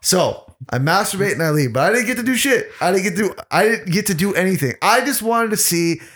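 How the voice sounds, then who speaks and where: A man hosting a comedy podcast, telling crude stories in a rambling, profane way. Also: a little fast. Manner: rambling, profane, gets louder and higher when excited. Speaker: podcast host.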